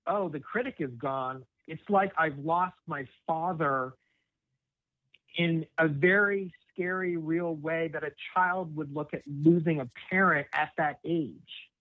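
Brief: male caller, slightly higher voice, halting and unsure, heard over a tinny phone. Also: dry recording. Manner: hesitant, halting with many restarts. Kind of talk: call-in conversation.

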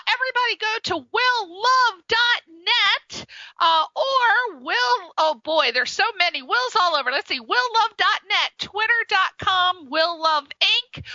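Middle-aged woman radio host from the East Coast, very high and bright, chatty and doting, dull lo-fi sound. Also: no room sound. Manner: gushing, affectionate, chatty. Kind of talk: casual radio interview chat.

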